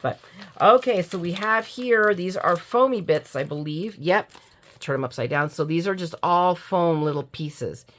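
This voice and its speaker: Sleepy middle-aged american lady gushing over craft stuff, kinda low voice, chatty. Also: animated, a little slow. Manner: chatty, gushing, self-mocking, yawning. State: drowsy from allergy medicine. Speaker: crafting YouTuber. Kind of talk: casual unboxing chat.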